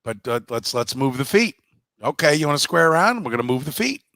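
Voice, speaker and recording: A man's voice: on the high side, sing-song, a little fast, bright, forceful tone, no echo. A man co-hosting a casual sports podcast, blunt and profane, mocking others in put-on voices. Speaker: podcast co-host.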